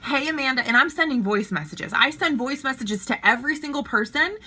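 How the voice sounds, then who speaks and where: A woman's voice: sits high, lively intonation, a little fast, noisy background. A woman leading a sales team, talking casually and bubbly to camera from a child's bedroom, often checking in with the viewer. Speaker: network marketing team leader. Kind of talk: casual vlog advice.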